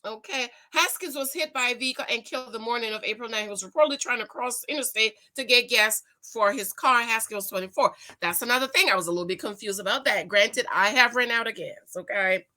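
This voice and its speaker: A woman's voice: fast talker, few pauses, bright, forceful tone. A middle-aged woman chatting casually with viewers, reading a news item aloud and telling a personal story, acting out the voices in it. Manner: chatty storyteller, acts out exchanges with rising pitch. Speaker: commentary vlogger.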